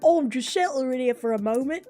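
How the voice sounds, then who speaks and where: A woman voicing a young, prickly snake-woman Naga in an attempted English Midlands accent, loud and blustering. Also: high voice, expressive, normal speed, soft background music, voice pushed up. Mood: huffy. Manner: shouty, defensive, blustering. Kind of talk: character voice practice.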